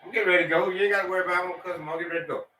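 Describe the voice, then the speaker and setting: A man's voice: sits high, fairly even intonation, rapid-fire, pushed and bright, slight background noise. A man bantering offhand off camera at home, mumbling and cussing. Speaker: relative of the host. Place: home, indoors. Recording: roomy, far from the mic.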